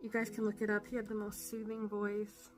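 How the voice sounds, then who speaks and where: A woman giving an earnest personal faith testimony, halting with fillers and emotional. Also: medium pitch, monotone, faint music behind. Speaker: testimony speaker.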